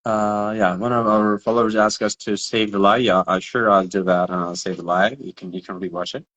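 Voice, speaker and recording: Bright-voiced man, stammering storyteller. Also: lowish voice, normal speed, muffled recording. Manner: stammering, repeats words, animated storytelling. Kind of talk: casual live chat.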